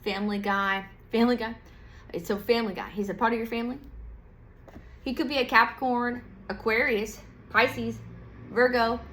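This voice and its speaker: A woman's voice: a little high, steady tone, normal speed, fairly bright tone, slight background noise. A woman giving a casual tarot reading, rambling with many fillers, swearing freely and slipping into playful quoted voices. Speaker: tarot reader.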